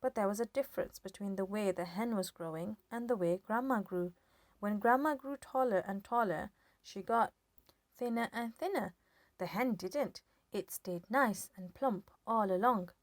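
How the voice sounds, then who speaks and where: A woman reading a children's story aloud with lively, expressive storytelling. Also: mid-range voice, moderate pace, no room sound. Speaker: storybook reader.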